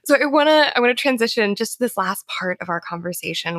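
A young adult woman, a therapist guest on a podcast, explaining things in casual conversation and often dropping her voice to a soft near-whisper. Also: a little high, animated, fast talker, dry recording, clean studio sound.

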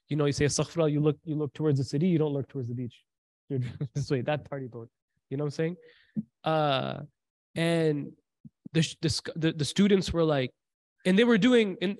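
A man giving an informal religious talk, telling stories in a conversational way with fillers and restarts, and breaking into quick recitation. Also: a little high, a little mellow, no room sound. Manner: recites scripture in quick chanting bursts. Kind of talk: informal sermon.

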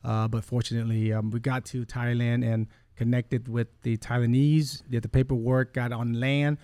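A man's voice: medium pitch, little pitch movement, moderate pace, dark tone, dry recording. Earnest man in his forties, dry sound. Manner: earnest, rambling, with frequent self-corrections. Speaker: podcast guest. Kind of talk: personal storytelling in a conversation.

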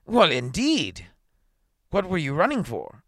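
A man's voice: on the high side, wildly swooping pitch, measured pace, gravelly, no room sound, studio quality, voice pushed up, exaggerated voice. A man voicing a severe, impatient town magistrate questioning a prisoner, in a storybook reading. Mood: stern. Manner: brusque, severe, scolding.

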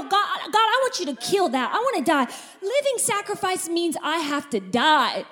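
A woman pastor preaching a sermon to a congregation in a church, with energetic, emphatic delivery and repeated phrases. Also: very high voice, normal speed, few pauses. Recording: reverberant church hall.

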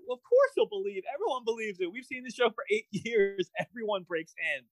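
A man's voice: high-pitched, very animated, a little fast, hardly any pauses, no echo. A man chatting casually as a podcast co-host, rambling and wry, with many fillers. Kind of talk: casual chat.

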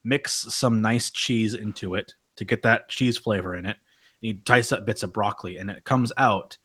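A man's voice: lowish voice, normal speed, a bit bright, husky. A young man, chatting casually on a podcast, blunt and swearing freely while he reads out bits from articles. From Australia. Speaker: podcast host. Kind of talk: casual chat.

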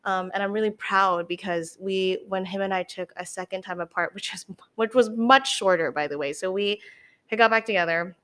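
A young woman talking candidly as a podcast guest, animated, with lots of fillers and the odd swear. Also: mid-range voice, moderate pace. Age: young adult. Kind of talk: candid casual chat.

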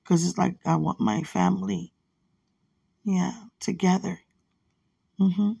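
Husky, hushed woman in bed. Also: fairly low pitch, fairly even intonation, slow pace, no echo. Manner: soft, hushed, rambling and affectionate, often religious. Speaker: partner leaving a voice message. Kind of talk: intimate late-night voice message. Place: lying in bed at night. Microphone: phone held close to the mouth.

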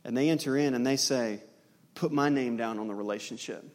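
A man preaching a sermon, telling stories with acted-out dialogue and building to loud, impassioned climaxes. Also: medium pitch, brisk. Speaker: pastor.

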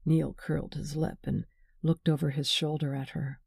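A woman reading a novel aloud in measured, wry scripted narration. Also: low voice, little pitch movement, vocal fry, a little mellow, breathy edge, no room sound, studio quality. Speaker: audiobook narrator.

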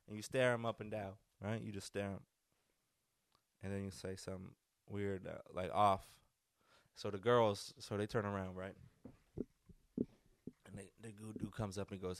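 A man's voice: on the low side, flat delivery, moderate pace, pauses often. A man hosting a casual solo podcast, telling crude stories full of profanity. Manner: crude, profanity-laden storytelling. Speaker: podcast host.

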